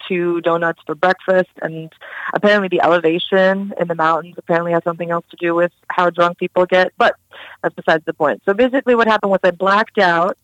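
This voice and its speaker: A woman's voice: lowish voice, steady tone, a little fast, no echo, dull audio. A young woman recounting a personal story in an interview, casual and candid with many fillers. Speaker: guest.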